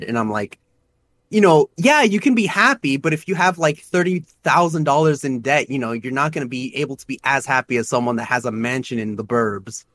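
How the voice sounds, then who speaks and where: A man's voice: mid-range voice, fairly bright tone. Young man rambling with constant "like". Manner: filler-heavy, says "like" constantly. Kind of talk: casual podcast chat.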